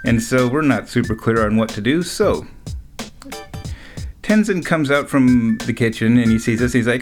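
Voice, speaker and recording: A man telling a personal story in a relaxed way, chuckling often between lines. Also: mid-range voice, moderate pace, faint music behind. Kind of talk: storytelling anecdote.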